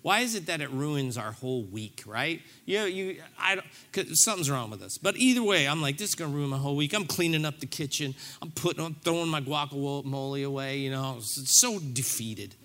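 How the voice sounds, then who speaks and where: A man's voice: on the high side, expressive, brisk, few pauses, pushed and bright. A middle-aged man preaching a sermon, telling a story with self-deprecating humor and acting out his own reactions. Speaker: pastor.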